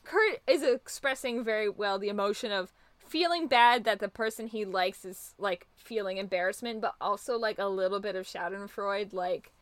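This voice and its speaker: A woman's voice: mid-range voice, normal speed, no room sound. A woman co-hosting a casual chat, recapping a TV episode, chatty and swearing, acting out quotes. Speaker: podcast co-host.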